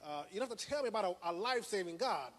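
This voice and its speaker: High-voiced man giving a lecture in a hall. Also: expressive, very fast. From United States. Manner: dramatic storytelling to an audience, repeating phrases. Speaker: motivational speaker. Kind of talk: motivational lecture.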